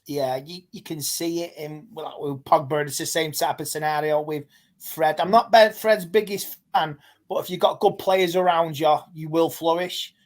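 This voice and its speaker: A man's voice: on the high side, fairly even intonation, moderate pace. Rambling, stop-start man talking football. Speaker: guest fan pundit. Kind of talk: casual football podcast chat.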